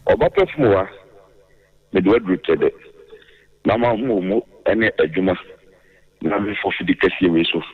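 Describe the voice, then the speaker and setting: Husky man calling in by phone. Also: low voice, expressive, normal speed, pauses often, dry recording. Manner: emphatic, rallying listeners. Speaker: radio phone-in caller. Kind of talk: political phone-in call. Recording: thin phone line.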